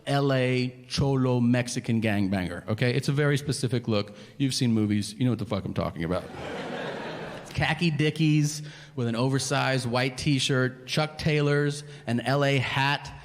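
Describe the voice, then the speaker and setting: Telling a story on stage before a live audience in a large hall, a male stand-up comedian speaks in a mid-range voice at a moderate pace. He's profane and conversational, acting out the voices of the people in his tale. The live recording carries the hall's reverb, with audience laughter and ambience behind him.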